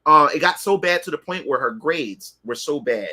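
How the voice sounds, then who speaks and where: Young guy rambling through a story, kinda high bright voice, lots of uh and like. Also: lively intonation, moderate pace. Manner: rambling, many fillers and restarts. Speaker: streamer host. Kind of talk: casual storytelling monologue.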